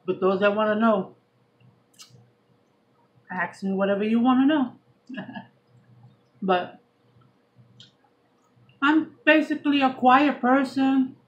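A woman's voice: on the high side, slow pace, long pauses, muffled recording. A woman from Brooklyn, New York, with a Southern US accent, chatting casually while she eats at home by a window for her mukbang video. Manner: chatty, slangy, laid-back, eating between sentences. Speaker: mukbang vlogger.

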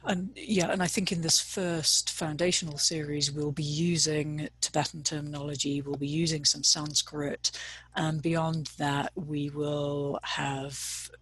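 A woman's voice: sits low, flat delivery, measured pace, fairly bright tone, a little hiss or hum. A woman leading a meditation discussion on a video call, talking hesitantly and searching for words. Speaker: meditation teacher. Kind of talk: casual teaching talk on a video call.

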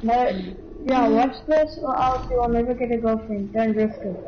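An Afrikaans-speaking woman chatters excitably through a game stream. Her voice sits high and bright in pitch. The recording is dull and lo-fi, with a faint hiss underneath. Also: moderate pace. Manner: excitable, switches between Afrikaans and English. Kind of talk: casual gaming commentary.

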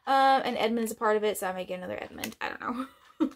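A woman's voice: fairly high pitch, fast. A woman vlogger chatting casually through an unboxing, gushing and laughing often.

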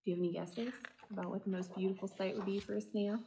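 A woman, a children's librarian, reading a picture book aloud and asking the children gentle questions. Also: medium pitch, steady tone, fast, vocal fry, hardly any pauses. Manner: gentle, talks directly to children. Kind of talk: storytime read-aloud.

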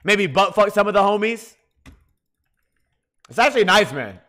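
A man's voice: high voice, lively intonation, moderate pace, a bit bright. A man streaming a game, tipsy from drinking and talking to his chat in a rowdy, profane way. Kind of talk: casual gaming livestream chat.

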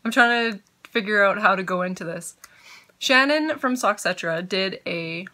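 A woman's voice: medium pitch, normal speed, pushed and bright. A woman hosting a podcast from home, chatting casually and giggling as she gets sidetracked. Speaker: podcast host. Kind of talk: casual chat.

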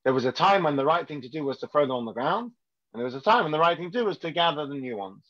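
A man's voice: a little high, animated, very fast, a bit bright. A man teaching a weekly Torah class as a rabbi, in a conversational way, often checking in with his listeners. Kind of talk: informal Torah lesson. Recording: dull lo-fi sound.

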